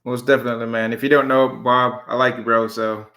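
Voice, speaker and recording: A man's voice: mid-range voice, little pitch movement, fairly quick, bright, forceful tone. A man hosting a casual podcast interview, friendly and easygoing. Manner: friendly, says "man" a lot. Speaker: podcast host.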